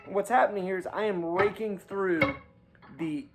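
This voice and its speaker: A man's voice: high-pitched, fairly even intonation, normal speed. A man hosting a casual guitar lesson, folksy and chatty, often checking in with his listeners. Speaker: guitar teacher and show host. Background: his own guitar playing.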